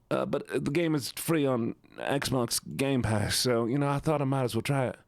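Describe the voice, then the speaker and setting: A man streaming games, chatting casually with viewers in a put-on Southern drawl, playful and quick to repeat himself. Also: mid-range voice, gravelly, no room sound, studio quality. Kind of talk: casual live-stream chat.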